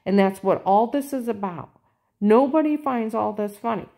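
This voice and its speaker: A woman in a casual monologue, insistent and repetitive, turning loud and emphatic. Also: medium pitch, normal speed, vocal fry. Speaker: vlogger.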